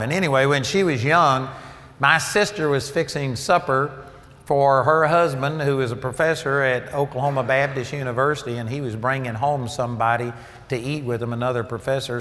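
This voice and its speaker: A man's voice: mid-range voice, normal speed, a bit bright. A man preaching a sermon, emphatic and storytelling, his voice rising for key points. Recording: long reverb of a large hall.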